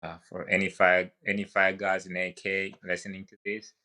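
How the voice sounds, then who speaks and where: African-accented man, deep bright voice. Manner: relaxed storytelling, halting with fillers. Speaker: guest, wildland firefighter. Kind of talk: casual podcast conversation.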